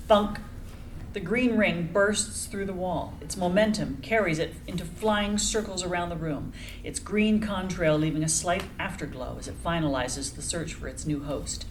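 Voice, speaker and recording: A woman narrating the action lines of a screenplay reading in an even, descriptive way. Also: lowish voice, unhurried, background noise.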